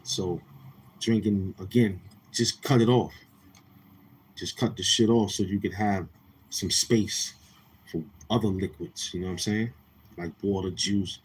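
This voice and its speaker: Brash low-voiced New York man. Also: darkish tone, husky. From Queens, New York. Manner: brash, profane, confrontational. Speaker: livestream host. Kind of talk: casual livestream chat with viewers.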